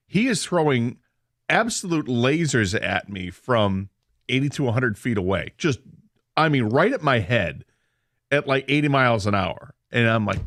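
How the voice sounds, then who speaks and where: A man co-hosting a sports talk radio show, telling a story in a chatty, halting way with "uh"s and quick laughs. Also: mid-range voice, very animated, a bit bright, no echo, clean studio sound. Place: radio studio.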